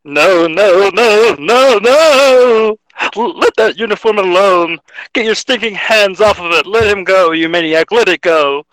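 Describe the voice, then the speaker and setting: A man voicing an angry, protective young male hero who shouts. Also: high voice, takes it slowly, few pauses, pitched above the performer's own voice, heavily acted, rough recording. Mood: furious.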